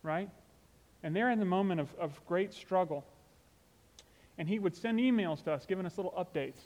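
Earnest conversational preacher, man, higher pitch. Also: normal speed, darkish tone, long reverb tail. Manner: conversational and earnest, with asides like "you know". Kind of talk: sermon.

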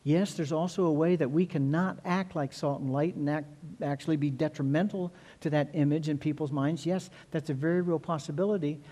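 A middle-aged male pastor delivers a sermon in a mellow, warm tone that sits a little high for a man. He is earnest, leans on repeated words and slows down to stress key phrases. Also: fairly even intonation.

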